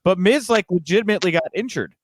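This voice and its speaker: A man's voice: high voice, quick pace, no room sound, poor audio. A man hosting a podcast, asking questions in an eager, conversational way with lots of fillers. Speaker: podcast host. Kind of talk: casual interview chat.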